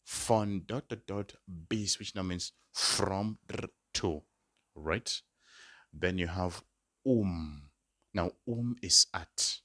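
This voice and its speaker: A very deep-voiced man teaching a language lesson at an unhurried pace. His tone is bright and clear, and the recording is dry and close. He patiently repeats each word for his learners. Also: no room sound. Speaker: language tutor. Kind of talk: spoken lesson.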